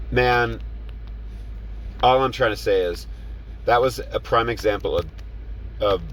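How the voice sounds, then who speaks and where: A man's voice: mid-range voice, slight background noise, low-quality recording. A man who drives for rideshare apps, telling a profane story from his car and acting out heated arguments in a raised voice. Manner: animated, swearing, acts out heated quotes in a raised voice.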